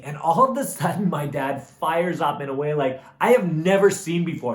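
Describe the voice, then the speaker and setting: A man preaching a recorded camp message in a slightly high voice, casual and chatty. He tells stories with animated energy and then turns soft and earnest. The room around him is echoey. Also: normal speed, few pauses. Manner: animated storytelling, falling to soft earnest appeals; casual, says "man" and "right?". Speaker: camp speaker.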